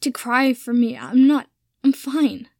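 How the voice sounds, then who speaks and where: A woman reading the lines of a guarded, quietly hurt young man who deflects and stumbles over his words. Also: high-pitched, takes it slowly, no echo, studio quality, pitched above the performer's own voice. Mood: awkward.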